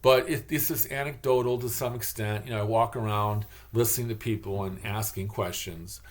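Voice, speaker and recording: A man's voice: on the low side, fairly even intonation, normal speed, slight background noise. A man from Michigan with a Michigan accent, rambling in a casual, digressive monologue and acting out the voices he quotes. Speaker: channel host.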